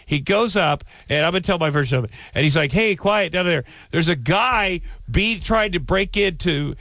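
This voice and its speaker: A man telling loud stories and laughing while chatting on a radio show. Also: high-pitched, expressive, moderate pace, no room sound. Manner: loud storytelling, laughing often, interrupting. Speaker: regular guest of a radio show. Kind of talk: casual radio banter.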